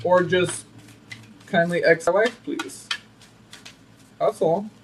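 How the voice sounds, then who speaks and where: A man giving a casual tarot reading, sassy and animated, laughing often. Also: sits high, slow pace, far from the mic, a little hiss or hum, low-quality recording. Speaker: tarot reader.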